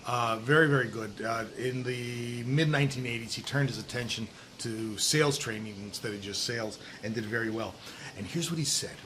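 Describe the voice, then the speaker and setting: A middle-aged man giving sales coaching to camera outdoors, talking emphatically with drawn-out stresses and dropping low at times. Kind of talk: direct-to-camera coaching talk. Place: outdoors in a breezy warm place. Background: wind noise.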